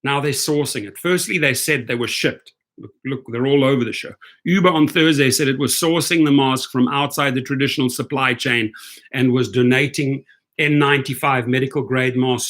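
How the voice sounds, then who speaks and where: A male rideshare commentary host rants on a live stream. He sounds sarcastic and heated. His mid-pitched voice has a bright, forceful edge.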